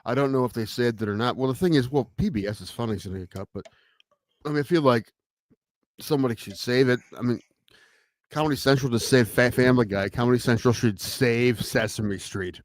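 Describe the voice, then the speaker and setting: A man co-hosting a casual comedy podcast, ranting with swearing and restarts, swinging between loud outbursts and mutters. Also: mid-range voice, brisk, dry recording. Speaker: podcast co-host.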